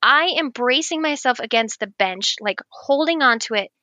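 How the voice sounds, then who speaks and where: A woman telling a long personal story in casual chat, animated, laughing often and acting out what people said. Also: high voice, moderate pace, dry recording. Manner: animated, laughs often, acts out quoted lines. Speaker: guest.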